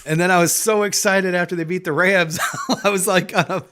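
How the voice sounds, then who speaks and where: A man hosting a podcast, telling a story in a casual, animated way and laughing often. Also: high-pitched, normal speed. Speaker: podcast host. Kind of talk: casual chat.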